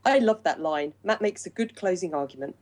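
A woman's voice: on the low side, lively intonation, fairly quick, a little mellow. A woman hosting a casual podcast chat, laughing often and reading a listener email aloud. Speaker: podcast host.

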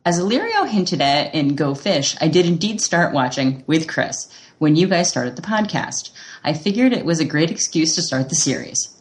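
A woman's voice: low voice, sing-song, moderate pace. A woman co-hosting a podcast, reading a listener email aloud with frequent giggles. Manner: giggly, reads with frequent laughs. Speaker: podcast co-host.

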